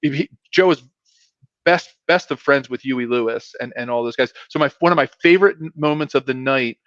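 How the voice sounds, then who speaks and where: Speaking quickly in a mid-range, fairly bright voice, a guest who once played pro football tells stories in a relaxed interview. He's from South Philadelphia and wanders as he talks, self-deprecating, often restarting and using fillers. The sound is muffled and dull, with no room sound.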